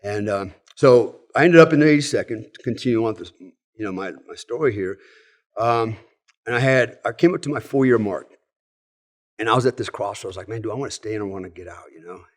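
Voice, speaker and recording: A middle-aged man from the United States, a former soldier telling stories in a relaxed, casual way, with many fillers and asides. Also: mid-range voice, moderate pace. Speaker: guest, former Delta Force soldier. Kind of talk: casual storytelling.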